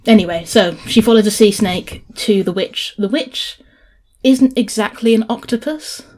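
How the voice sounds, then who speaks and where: A woman's voice: mid-range voice, normal speed. A woman hosting a casual chat, animatedly retelling a picture book. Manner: animated storyteller, chatty.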